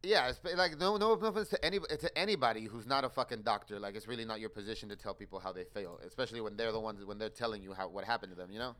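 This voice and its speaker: A young man on a podcast telling a story in casual chat, animated and swearing as he acts out his quoted exchanges. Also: fairly low pitch, very fast, few pauses.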